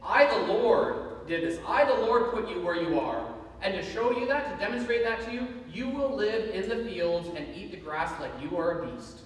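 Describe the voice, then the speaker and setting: A man's voice: sits high, lively intonation, moderate pace. A man voicing a stern voice from heaven. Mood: commanding. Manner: commanding, emphatic. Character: stern divine male voice from heaven. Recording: echoey hall from far off.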